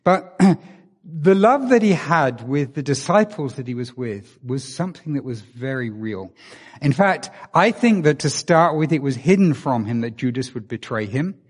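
A man's voice: mid-range voice, lively intonation, moderate pace, slightly rough. A man from England, preaching a conversational sermon and asking his listeners many rhetorical questions. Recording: long reverb of a large hall.

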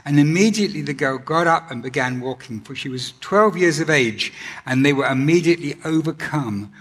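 A man preaching a sermon in an earnest, gentle way, often pausing with ums and restarting his sentences. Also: fairly high pitch, lively intonation, husky. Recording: long hall reverb.

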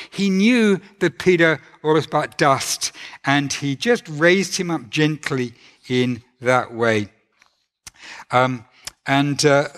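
A man preaching a sermon in a gentle, conversational way, asking his listeners rhetorical questions. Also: a little high, big-room sound.

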